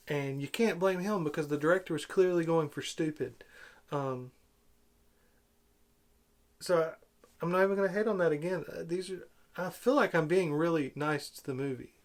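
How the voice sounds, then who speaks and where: A man with a fairly high voice, ranting about a film he hated. He sounds exasperated and sarcastic, bursting out loudly at one moment and muttering to himself the next. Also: fairly quick. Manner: exasperated, sarcastic, swings between loud outbursts and muttering. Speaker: movie reviewer.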